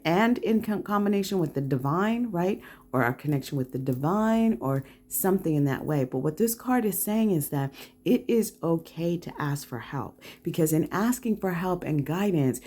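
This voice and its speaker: Low-voiced woman giving a calm tarot reading. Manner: reflective, often ends phrases with "right?". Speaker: tarot reader hosting a channel. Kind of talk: pick-a-card tarot reading.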